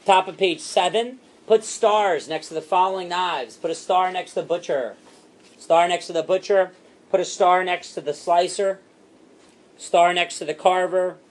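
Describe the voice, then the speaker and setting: A man training a sales team, animated and repetitive, acting out what to say to customers. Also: high voice. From Italian heritage. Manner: animated, fast and repetitive, acts out customer lines.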